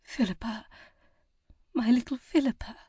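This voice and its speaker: A woman's voice: on the high side, fairly even intonation, takes it slowly, no room sound, studio quality, voice pushed up, full character voice. A woman doing a faint exhausted young lady. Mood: weak. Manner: weak, breathy and hushed. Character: exhausted young noblewoman in labour, fading.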